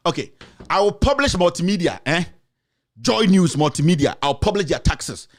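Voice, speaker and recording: A man's voice: sits high, lively intonation, normal speed. A man with a Ghanaian accent delivering a heated political rant, repeating his accusations with emphasis. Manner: mixes in another language. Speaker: commentator.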